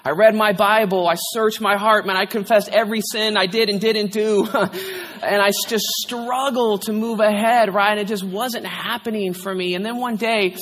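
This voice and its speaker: A man's voice: high voice, fairly even intonation, moderate pace, fairly bright tone. A male pastor preaching a candid, conversational sermon, sharing a personal story. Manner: candid, conversational, tearful at times, frequent "right?". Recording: long hall reverb.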